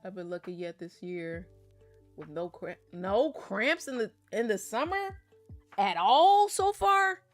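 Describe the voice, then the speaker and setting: A woman's voice: fairly low pitch, measured pace, soft background music. A young adult woman vlogger chatting casually and laughing often while opening card packs.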